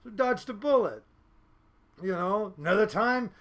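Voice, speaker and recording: A man from Seattle, a fishing boat captain, telling casual podcast stories in a lively way, full of fillers and laughs. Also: sits high, measured pace. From Seattle, United States. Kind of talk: casual storytelling.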